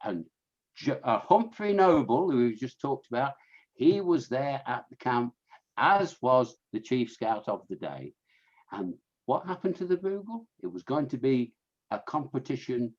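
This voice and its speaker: A man's voice: medium pitch, big pitch swings, a little slow, darkish tone, muffled recording. Chatty Fenland man giving a history talk. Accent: Fenland English. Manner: chatty, with frequent restarts and asides to listeners. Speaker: lecturer on scouting history. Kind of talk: illustrated history talk to an audience.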